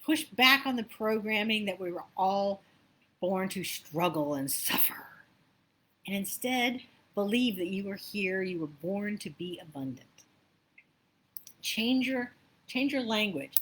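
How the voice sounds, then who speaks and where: A woman who works as an abundance coach speaks at a medium pitch and a slightly slow pace. Her motivational spiritual talk is animated and chatty, full of stories and asides.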